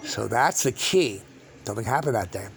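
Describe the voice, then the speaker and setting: A man telling a long, rambling story to camera, halting and restarting his sentences again and again. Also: mid-range voice, animated, gravelly.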